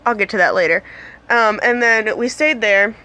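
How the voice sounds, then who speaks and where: A woman's voice: a little high, takes it slowly, sharp tone, no echo. Young woman vlogger, casual storyteller, giggly and scattered, phone-recorded. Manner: bubbly, rambling, giggly, lots of "like" and "um". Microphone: phone camera.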